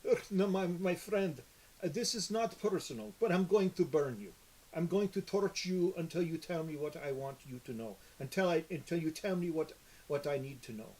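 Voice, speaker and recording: A man voicing a male fire sorcerer who makes cruel threats in a calm, courteous way. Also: a little high, moderate pace, pitched above the performer's own voice, lightly acted, low-quality recording. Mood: menacing.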